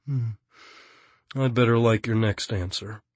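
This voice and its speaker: A man's voice: mid-range voice, steady tone, unhurried, no room sound, natural voice. A man voicing a cheerfully menacing adult bounty hunter in an audiobook, taunting and mock-cheerful. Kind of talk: audiobook character reading.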